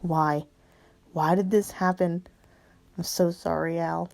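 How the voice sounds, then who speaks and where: A woman's voice: lowish voice, little pitch movement, slow, vocal fry, darkish tone. A woman voicing a heartbroken young woman who pleads through tears in a fan story reading. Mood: sobbing. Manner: tearful, pleading.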